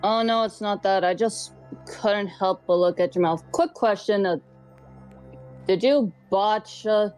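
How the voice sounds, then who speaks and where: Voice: mid-range voice, measured pace, a little mellow, smooth, soft background music, rough recording. A player speaking in character in a tabletop game, playful and polite. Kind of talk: in-character roleplay.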